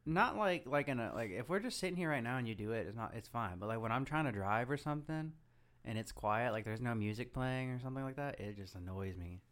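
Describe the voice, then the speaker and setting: A man's voice: medium pitch, expressive, quick pace, fairly bright tone. Rambling young man chatting casually. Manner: rambling, heavy use of "like". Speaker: podcast co-host. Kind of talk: casual chat.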